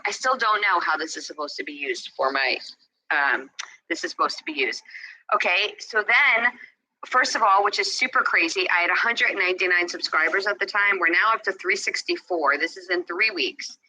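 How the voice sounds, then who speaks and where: A woman delivers a faith-based motivational talk with a strikingly bright, ringing voice. She is emphatic and repetitive, and she often speaks straight to her listeners. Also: lowish voice, normal speed, low-quality recording.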